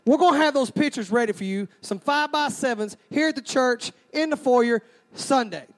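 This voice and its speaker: A man's voice: very high-pitched, moderate pace. A man preaching a sermon, folksy and joking as he calls out to the crowd.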